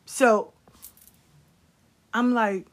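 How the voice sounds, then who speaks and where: Brief: woman vlogger, fairly high voice, swears freely, hammers points by repeating them. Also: steady tone, extremely slow. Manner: blunt, profane storytelling; emphatic repetition. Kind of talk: casual monologue to viewers.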